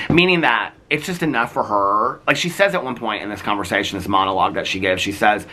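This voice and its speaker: Male vlogger with a low pitch, casual, heartfelt, meandering filler-heavy talk. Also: big pitch swings, fast, few pauses, bright, forceful tone. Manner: rambling, heavy use of "like"; earnest and heartfelt. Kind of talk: casual chat.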